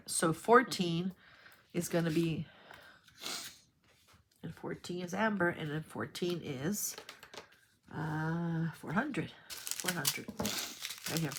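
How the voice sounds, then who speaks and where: A woman's voice: lowish voice, takes it slowly, long pauses, a little hiss or hum. A woman vlogger telling a rambling story in a chatty way while she sorts her craft supplies. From New York. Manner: chatty, rambling, animated when retelling.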